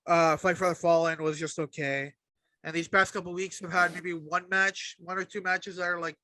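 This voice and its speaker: High, bright-voiced ranting podcast host. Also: male voice, level tone, normal speed, dry recording. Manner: profane, heated ranting. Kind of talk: casual wrestling chat.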